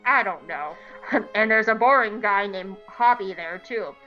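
A woman's voice: medium pitch, measured pace. A woman podcast host giving a casual, irreverent comedic recap, swearing and acting out quotes. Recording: dull lo-fi, faint music behind.

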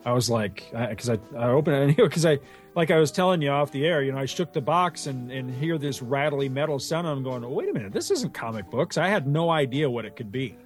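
A man's voice: mid-range voice, fast talker, faint music behind. A man co-hosting a casual podcast, rambling, laughing often and swearing casually into a studio microphone. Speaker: podcast co-host. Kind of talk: casual chat.

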